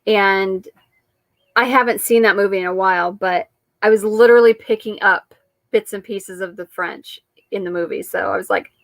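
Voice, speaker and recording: A woman's voice: mid-range voice, fairly even intonation, normal speed, creaky, no echo. A woman hosting her weekly live-stream chat, talking in a rambling, chatty way with frequent laughs.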